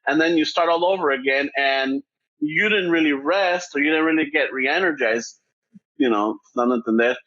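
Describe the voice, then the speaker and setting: A man's voice: on the high side, moderate pace, fairly bright tone. Chicano man over a dull video call. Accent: Chicano English. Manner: mixes Spanish and English; reflective, rambling. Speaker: podcast co-host. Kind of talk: casual conversation.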